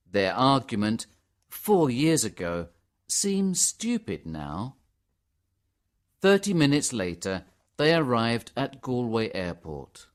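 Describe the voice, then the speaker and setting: Slow, expressive male story narrator. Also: medium pitch. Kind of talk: scripted narration for learners.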